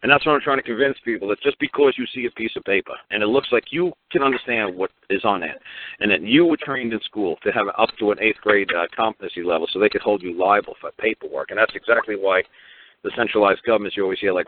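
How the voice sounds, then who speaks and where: Brooklyn-accented male radio ranter, low voice, rapid-fire and profane, heard over a thin phone line. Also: no echo. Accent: New York. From New York. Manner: fast, profane, repetitive, acts out quoted voices. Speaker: radio talk show host. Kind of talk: ranting phone-in radio talk. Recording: tinny phone line, dry.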